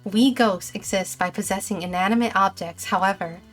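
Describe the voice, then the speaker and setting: A woman voicing a mysterious ghost mentor from a video game, speaking in a calm, measured, instructive way. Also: medium pitch, soft background music, pitched below the performer's own voice, close to an everyday voice. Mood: calm guiding.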